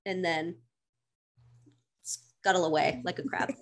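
Playful animated woman chatting. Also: fairly low pitch, takes it slowly. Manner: animated, laughs often, playful storytelling. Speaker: astrology podcast co-host. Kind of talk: casual chat.

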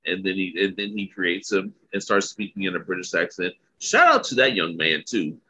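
A man's voice: sits low, big pitch swings, normal speed, bright, forceful tone, a little hiss or hum. A man co-hosting a podcast, talking loosely and casually about an episode, swearing now and then. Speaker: podcast co-host. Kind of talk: casual episode recap chat.

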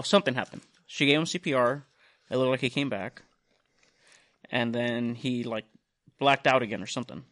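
A young man hosting a podcast, telling a long profane story in casual chat, acting out the other people's lines. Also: medium pitch. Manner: profane, animated storytelling with quoted voices. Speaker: podcast host.

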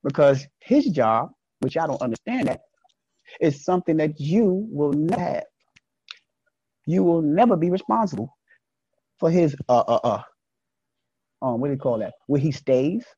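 A man delivering a casual, preachy monologue straight at his listeners, swinging between loud emphatic bursts and low asides. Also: big pitch swings, normal speed, long pauses, slightly rough, no echo, lo-fi sound. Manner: preachy, speaks to listeners directly.

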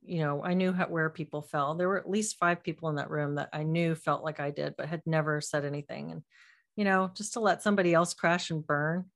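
Lower-pitched woman telling a story. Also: brisk, vocal fry. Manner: animated storytelling. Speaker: podcast co-host. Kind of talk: casual live-stream discussion.

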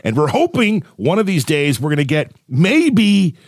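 A man's voice: a little high, wildly swooping pitch, unhurried, dry recording, studio quality. A man hosting a podcast, chatting casually and teasing his co-host about bad jokes. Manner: joking, teasing. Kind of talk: casual chat. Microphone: video call.

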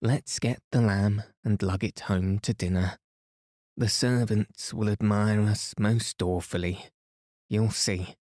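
A man's voice: fairly low pitch, fairly even intonation, takes it slowly, darkish tone, dry recording, studio quality. A man voicing a polite, sensible older girl who speaks decidedly in a bedtime storybook reading.

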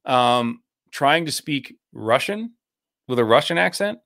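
A man with a middle-pitched voice co-hosts a casual movie review podcast. He speaks bluntly, with a sarcastic edge and frequent swearing. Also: lively intonation, measured pace, creaky, a bit bright. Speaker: podcast co-host.

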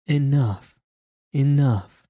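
A man's voice: lowish voice, fairly even intonation, extremely slow, dark tone, dry recording. Man voicing a fierce robber giant. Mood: pleading. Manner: harsh commanding threats, then desperate pleading.

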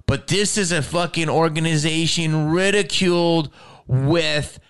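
A man on a casual talk show, swearing freely and circling back on his points as he rants. His voice sits a little high for a man and comes across smooth and clear. He stumbles, restarts and presses on. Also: a little slow. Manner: profane, animated ranting with restarts. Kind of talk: casual ranting chat.

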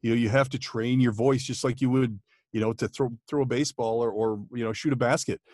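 Casting: talkative voiceover man, mid-pitched, dry close mic, lots of restarts and laughs. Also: steady tone, fairly quick, darkish tone, no room sound. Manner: chatty, laughing storyteller with many restarts. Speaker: podcast guest, voice actor. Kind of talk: casual chat. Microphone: home studio microphone.

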